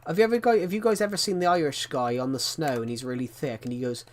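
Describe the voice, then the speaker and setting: A man's voice: on the high side, steady tone, fast talker, few pauses. A man chatting casually on a livestream, rambling and restarting his sentences as he talks to viewers.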